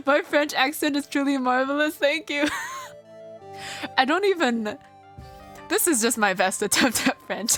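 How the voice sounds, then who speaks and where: A woman's voice: sits high, a little slow, long pauses, a bit bright. A young woman streaming, chatting casually with viewers in a giggly, self-deprecating way while feeling sick. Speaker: VTuber streamer. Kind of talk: casual live-stream chat. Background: game music.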